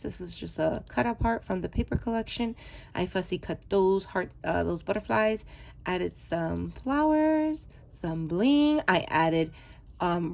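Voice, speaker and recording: A woman's voice: lowish voice, vocal fry, a little mellow. A woman vlogger chatting through her craft projects, gushing and often correcting herself. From New York. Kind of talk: casual show-and-tell narration.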